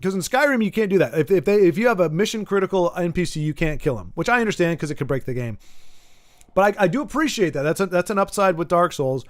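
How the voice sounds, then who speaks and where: A man's voice: high voice, expressive, quick pace, no echo. Rambling streamer man with dry close sound. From Michigan. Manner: rambling, stumbles and repeats words. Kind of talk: casual gameplay chat, reading viewer messages.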